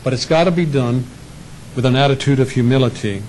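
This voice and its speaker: Here the preacher's voice is mid-range, fairly quick, and a little mellow, with poor audio and slight background noise. He speaks to his congregation in a conversational way, slipping into little acted voices for people in his stories.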